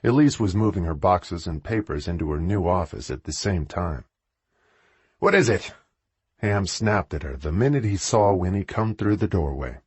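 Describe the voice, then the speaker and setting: A man narrating an audiobook in a low, husky voice with a lively, rising and falling delivery. He reads in a measured way, and the recording is dry and close with no room sound. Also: dry recording.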